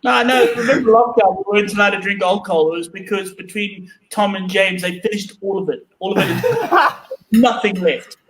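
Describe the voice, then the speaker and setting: A man from South Africa co-hosting a video-call interview, full of jokes and quick banter. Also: high-pitched, a little hiss or hum, poor audio. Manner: jokey, lively banter.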